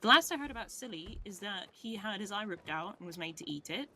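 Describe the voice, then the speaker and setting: A roleplayer speaking in character as a jaded veteran, measured and wordy, sighing now and then. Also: mid-range voice, lively intonation, a crowd in the background. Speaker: roleplayer playing a weary veteran. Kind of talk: in-character game roleplay chat.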